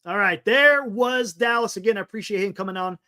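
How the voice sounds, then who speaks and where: On his laid-back postgame fan talk show, a podcast host speaks fairly quickly in a high, pushed, bright voice. He's frank and rambling, and player names trip him up as he reads through the stats.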